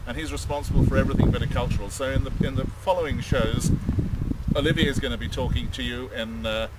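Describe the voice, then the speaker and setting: An English man gives a casual update from a vineyard, pausing on fillers and restarting his sentences. He stands well back from the mic, with loud wind and passing traffic behind him. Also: medium pitch, fairly even intonation, far from the mic. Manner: hesitant, many fillers and restarts. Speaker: vineyard host presenting. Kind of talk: casual outdoor video update. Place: outdoors in a vineyard.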